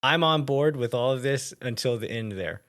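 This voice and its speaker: A man co-hosting a casual soccer podcast, easygoing and thinking out loud with loose asides. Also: mid-range voice, animated, moderate pace. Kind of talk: casual chat.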